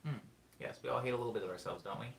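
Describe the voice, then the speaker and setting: A man's voice: mid-range voice, racing, creaky, slight background noise. A young man casually chatting on a live stream from his small bedroom, reading viewer comments and rambling with frequent self-corrections.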